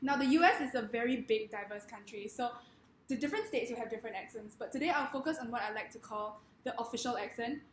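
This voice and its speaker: A woman's voice: fairly high pitch, fast, slight background noise. A young woman with a Singaporean accent giving a humorous speech in a playful, mock-grandiose way. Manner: playful, mock-grandiose, laughs between lines. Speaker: speaker giving a humorous talk. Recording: echoey room.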